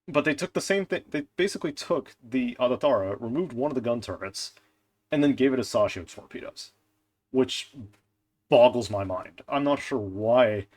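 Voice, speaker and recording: A young man talks through game details into a desk mic in a loose, animated way. His voice sits at an ordinary middle pitch. He rants, trails off and restarts as he thinks aloud. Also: normal speed. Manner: animated, ranting, frequent fillers and restarts. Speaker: gaming content creator. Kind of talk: casual commentary on game ship stats.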